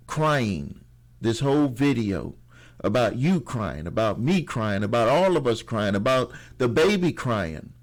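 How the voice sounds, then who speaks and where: A middle-aged man talks to his viewers in an unscripted motivational monologue. His voice sits at an ordinary pitch, and he keeps restarting sentences and repeating key phrases to drive a point home. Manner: rambling, repeats phrases for emphasis, frequent restarts. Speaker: host of a motivational channel. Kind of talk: casual motivational talk to camera.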